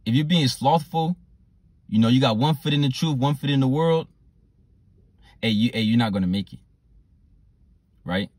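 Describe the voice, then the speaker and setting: A man preaching a sermon, repeating "right?" and "you know" often and reading scripture slowly. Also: mid-range voice, darkish tone, no room sound. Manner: slow drawn-out scripture reading.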